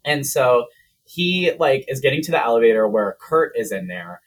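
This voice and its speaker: Brief: male podcast co-host, husky tone, casual profane plot recap. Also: mid-range voice, big pitch swings, normal speed. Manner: profane, chatty, lots of "like".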